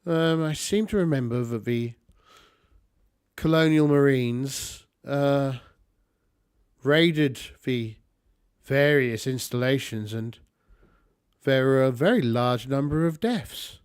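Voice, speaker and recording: A mock-polite company director with ironic, mannered phrasing, as a man puts him on. He speaks unhurriedly in a dry, close sound, mid-pitched. The voice belongs to a solo tabletop game session. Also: slow pace, pauses often, a little mellow, clean tone, dry recording, natural voice. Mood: sarcastic.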